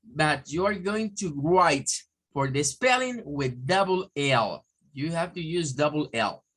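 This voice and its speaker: A man teaching an online English class, repeating words and sounds slowly for drilling. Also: fairly high pitch, animated, fairly bright tone, breathy edge, poor audio. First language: Spanish.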